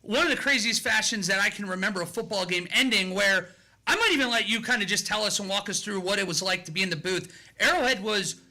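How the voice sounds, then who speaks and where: A man hosting a casual sports talk show, excitable and fast-talking. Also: high-pitched.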